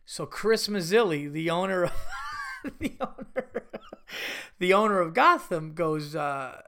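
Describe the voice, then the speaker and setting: Comedian guy on his podcast, kinda higher voice, swearing and laughing through a story. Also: a little slow, gravelly, pauses often, slight background noise. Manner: profane, animated storytelling with laughs. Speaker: podcast host and stand-up comedian. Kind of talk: casual solo podcast storytelling.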